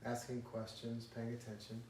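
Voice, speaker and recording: A man speaking in a casual interview, reflective and given to storytelling. His voice sits at an ordinary pitch for a man. He is recorded from a distance in a roomy space with a faint hiss behind him. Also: completely flat delivery, normal speed, darkish tone. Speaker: married guest. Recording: roomy echo, distant mic, faint noise.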